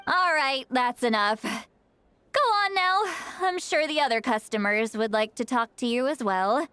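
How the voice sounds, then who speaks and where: A woman's voice: high voice, expressive, a little slow, bright, forceful tone, dry recording, exaggerated voice. Citlali, a drunk grumpy shaman granny. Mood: gruff, ranting. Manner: gruff, slurring, self-pitying rants. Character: tipsy, grumpy ageless female shaman granny.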